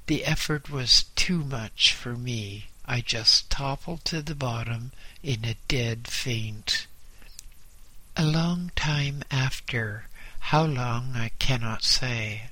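Man reading a story out loud, super slow and grave, bright edge to the voice, dry close sound. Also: medium pitch, no room sound. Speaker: audiobook narrator. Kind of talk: scripted first-person narration.

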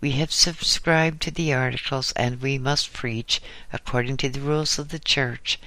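A man reading as a genteel country rector. He speaks in a measured, gently evasive way, and his voice is bright and crisp in a dry room. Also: mid-range voice, steady tone, no room sound. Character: genial country rector, middle-aged man.

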